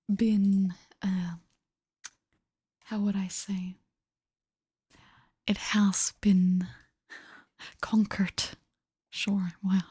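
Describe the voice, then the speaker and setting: Tired woman whispering in a breathy hush. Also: medium pitch, no echo. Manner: drowsy, chatty, switching between two languages. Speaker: ASMR streamer. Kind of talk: whispered ASMR livestream chat.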